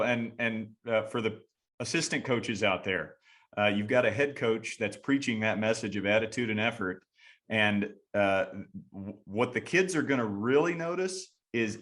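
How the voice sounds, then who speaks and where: Lower-voiced, enthusiastic podcast host. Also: male voice, fairly bright tone. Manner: enthusiastic, with halting restarts and fillers. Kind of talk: casual podcast interview.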